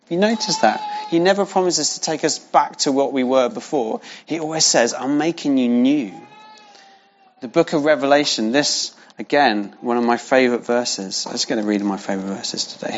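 This man's sermon is delivered at a normal speed in a medium pitch, conversational in style, with key phrases repeated for emphasis. Audio quality is dull and lo-fi.

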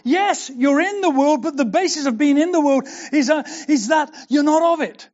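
A man's voice: very high voice, normal speed, darkish tone, highs cut off. An older man preaching a sermon as pastor, earnest and building to emphatic declarations.

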